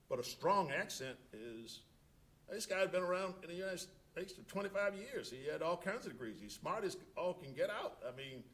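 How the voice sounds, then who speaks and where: A man presiding as an appellate judge, questioning a lawyer in court. His voice sits at a middle pitch. He thinks aloud, restarting sentences as he works through a point. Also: a bit bright.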